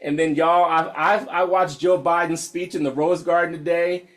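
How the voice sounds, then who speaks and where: Kicking off an online meditation session, this young adult teacher from the United States chats casually, swears freely, laughs a lot, and addresses everyone as y'all. He has a fairly high, slightly bright voice with fairly even intonation and a moderate pace.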